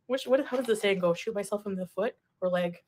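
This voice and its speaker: A woman's voice: medium pitch, quick pace, a little mellow, slight background noise. A woman streaming live, chatting casually with viewers, reading comments and laughing often. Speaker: livestreamer. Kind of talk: casual livestream chat.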